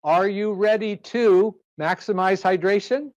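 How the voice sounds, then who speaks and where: Fairly high-voiced man pitching to a room. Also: a little slow, a little mellow, lo-fi sound. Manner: persuasive, rhetorical questions to the audience. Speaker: sales presenter. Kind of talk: live sales pitch to a group. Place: presentation room with a live audience.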